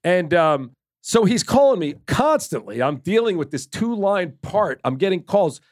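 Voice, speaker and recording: A man hosting a podcast, telling stories in an animated way, swearing and laughing as he goes. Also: high-pitched, normal speed, no echo, studio quality. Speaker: podcast host and director. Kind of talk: casual storytelling chat.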